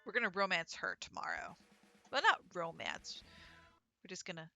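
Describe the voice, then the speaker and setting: Soft music plays behind a gaming streamer who reads a visual novel's dialogue aloud and chats in between. Her voice is low-leaning and gravelly yet bright and forceful, swooping wildly in pitch at a normal speed.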